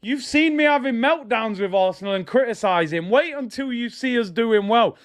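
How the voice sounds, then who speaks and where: A man hosting a live football watch-along, excitable and taunting, shouting at the big moments. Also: very high-pitched, normal speed. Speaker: host.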